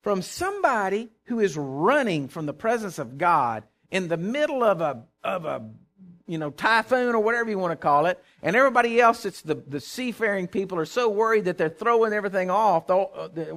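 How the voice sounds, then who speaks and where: A man preaching a conversational sermon, reading scripture aloud and commenting with animated asides and repeated words. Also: high voice.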